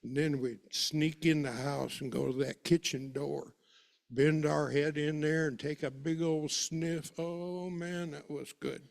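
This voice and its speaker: A man tells a first-person tale with a homespun rural turn of phrase, chatty and unhurried. His voice sits a bit high for a man, and he speaks as a storyteller to a gathered congregation. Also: fairly even intonation, vocal fry. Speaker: storyteller at a worship service.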